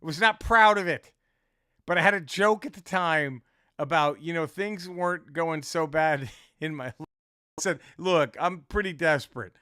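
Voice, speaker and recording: A man's voice: a little high, moderate pace, pushed and bright, clean tone, no room sound, studio quality. A man, a comedian, telling a story casually in a rambling, profane way, with many restarts.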